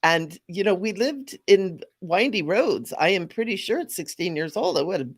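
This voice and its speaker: A woman's voice: medium pitch, very animated, moderate pace, slightly rough. A middle-aged woman, a spiritual teacher, talking earnestly in a casual spiritual chat, laughing often.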